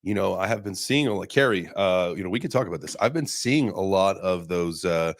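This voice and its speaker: Deep-voiced man in loose banter. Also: animated, fairly quick, dry recording, studio quality. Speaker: crypto show host. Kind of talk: casual podcast chat.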